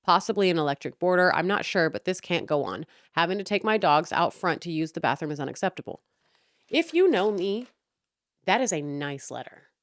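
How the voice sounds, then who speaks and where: A young woman telling a casual storytime rant, animated and profane, swinging from hushed asides to loud outbursts. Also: lowish voice, no echo, clean studio sound. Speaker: vlogger.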